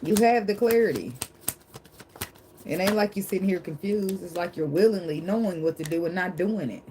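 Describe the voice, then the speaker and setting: A woman's voice: on the low side, moderate pace, noisy background. A woman doing a casual tarot reading, talking emphatically and bluntly, with frequent swearing, laughter and preachy asides about faith. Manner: calls herself dramatic. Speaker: tarot reader.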